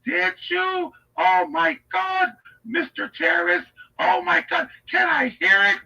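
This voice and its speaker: A man voicing a fawning, gushing woman juror, with sugary flattery and breathy squeals. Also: very high-pitched, a little slow, distant mic, muffled recording, pitched above the performer's own voice, full character voice.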